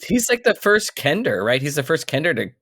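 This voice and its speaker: A man co-hosting a podcast, chatting casually and asking questions about a fantasy novel in a relaxed way. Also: a little high, brisk. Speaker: podcast co-host. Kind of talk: casual book discussion.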